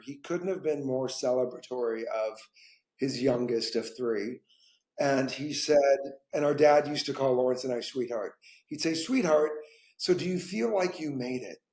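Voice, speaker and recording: A man who is an actor, telling stories in a casual conversation, lively and expressive. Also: fairly high pitch. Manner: animated storyteller, voice rising and dropping through anecdotes. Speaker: guest actor. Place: home, dog nearby. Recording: echoey room.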